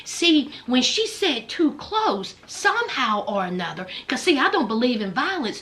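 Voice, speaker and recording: A woman giving comedic reaction commentary on a reality show, sassy, blunt and mocking, often dropping into low muttered asides. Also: very animated, measured pace, few pauses, fairly bright tone.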